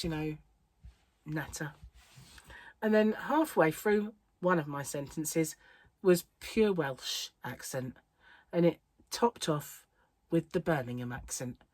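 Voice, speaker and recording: A woman's voice: fairly low pitch, dry recording. A middle-aged woman vlogging about crochet, chatting in a rambling way and laughing often. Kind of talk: casual chat. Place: home on an English island.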